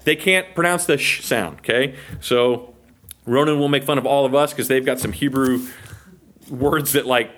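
An American-accented man, mid-range in pitch and at normal speed, leads a verse-by-verse Bible study, acting out quotes with animation and checking in with listeners.

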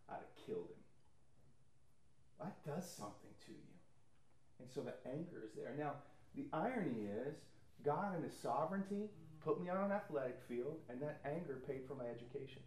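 A man's voice: medium pitch, animated, moderate pace, a little mellow. A man preaching a sermon, telling personal stories conversationally and acting out what other people said. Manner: conversational storytelling, acts out quoted people. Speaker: pastor. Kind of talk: sermon testimony. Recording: echoey room.

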